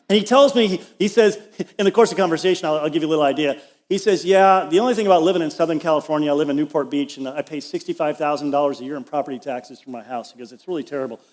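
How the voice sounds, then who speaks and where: A middle-aged pastor with a slightly high, slightly mellow voice delivers a conversational sermon in a church auditorium. Along the way he tells a personal story and addresses asides to the congregation.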